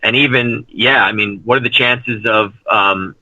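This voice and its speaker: A husky, bright-toned man speaking as a paranormal investigator guest. He talks earnestly and rambles, restarting sentences and leaning on fillers. The audio is dull and lo-fi, like a remote call. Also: lowish voice, fairly even intonation, measured pace. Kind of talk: casual interview talk.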